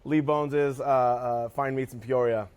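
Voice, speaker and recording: A man's voice: medium pitch, steady tone, normal speed, background noise. A man hosting a podcast in casual chat, joking and laughing a lot. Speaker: podcast host.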